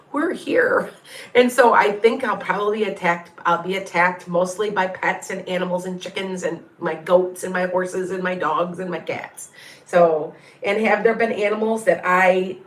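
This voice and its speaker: A woman's voice: medium pitch, echoey room. A woman, a psychic medium, chatting casually with viewers on a livestream, rambling, heartfelt and frank, now and then salty. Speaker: psychic medium and tarot reader.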